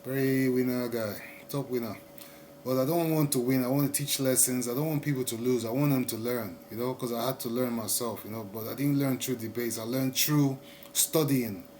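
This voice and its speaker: Guy rambling on to his viewers, middle-pitched voice, repeats himself a lot, slows down to make a point, bit of hiss behind. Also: steady tone, a little mellow. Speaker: vlogger. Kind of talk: casual monologue to camera.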